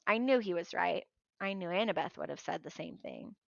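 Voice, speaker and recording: A woman reading a novel aloud in an expressive, lively storytelling manner. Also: fairly low pitch, fairly quick, vocal fry, no room sound, highs cut off. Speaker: audiobook reader.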